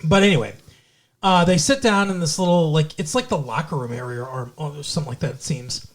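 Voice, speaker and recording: Brief: male podcast co-host, casual recap, lots of fillers and cursing, somewhat high voice. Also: brisk. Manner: rambling, many fillers and swearing.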